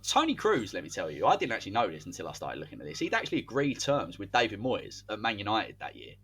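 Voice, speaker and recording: A man with a slightly husky voice co-hosts a casual podcast, spinning an imagined football season as if commentating it live. His pitch swings widely as he builds the story, animated and playful. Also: quick pace. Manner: animated, spins a hypothetical tale like match commentary. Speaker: podcast co-host.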